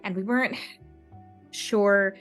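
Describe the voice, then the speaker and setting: Woman doing a high-pitched anxious mother. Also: fairly even intonation, takes it slowly, soft background music, lightly acted. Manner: anxious, questioning.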